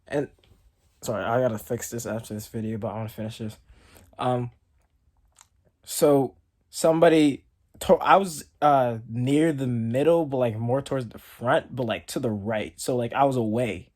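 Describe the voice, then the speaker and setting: Talking at a normal speed, the young vlogger's mid-range voice comes across a little mellow. He tells his story to camera in a loose, rambling way, filling it with "like."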